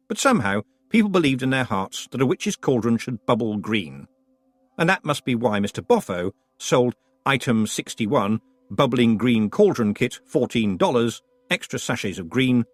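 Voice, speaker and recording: A man narrating a fantasy audiobook with expressive, wry storytelling. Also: medium pitch, normal speed, breathy edge, dry recording. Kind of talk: scripted narration.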